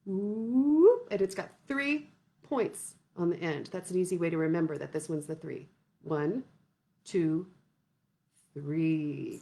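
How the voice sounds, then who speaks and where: A woman leading a children's music lesson, counting and encouraging young viewers in a gentle way. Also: medium pitch, lively intonation, slow pace. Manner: gentle, encouraging, sings nursery songs. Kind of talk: singing and counting lesson for kids.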